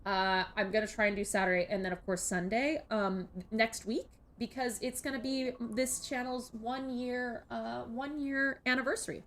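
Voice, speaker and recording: A woman's voice: fairly high pitch, steady tone, normal speed, few pauses. A woman streaming a game, chatting casually and thanking viewers by name. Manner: chatty, thanks chat members warmly. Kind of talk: casual gameplay commentary.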